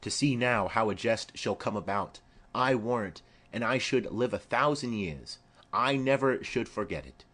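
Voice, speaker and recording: A man's voice: fairly low pitch, lively intonation, moderate pace, fairly bright tone. A man voicing a chatty old female nurse who rambles fondly with earthy asides, in an audiobook play reading. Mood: rambling.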